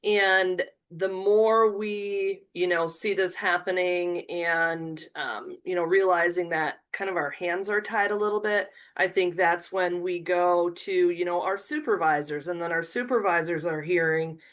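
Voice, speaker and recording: A woman's voice: fairly low pitch, fairly even intonation, unhurried, few pauses, a bit bright. A woman presenting at an online educators' conference, speaking earnestly and thinking aloud with frequent "you know" fillers, heard through a video call mic.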